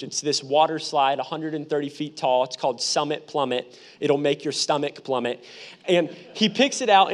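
A young man in his twenties, a pastor giving a lively, humorous sermon full of personal storytelling. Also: a little high. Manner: animated, humorous, conversational preaching.

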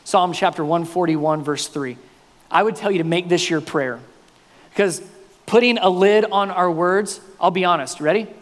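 A male pastor preaching a sermon, mostly earnest and quiet, breaking now and then into loud, playful bursts. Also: high voice, normal speed. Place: church sanctuary. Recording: long reverb in a hall, faint music.

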